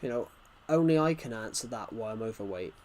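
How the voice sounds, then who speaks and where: A man's voice: mid-range voice, lively intonation, fairly quick, a little mellow, slight background noise. A man streaming gameplay live, rambling chattily and answering chat messages, his nose bothered by hay fever.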